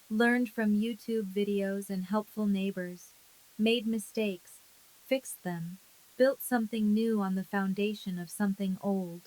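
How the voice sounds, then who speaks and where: A woman reading a scripted first-person story in a calm, measured way. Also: medium pitch, poor audio. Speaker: narrator.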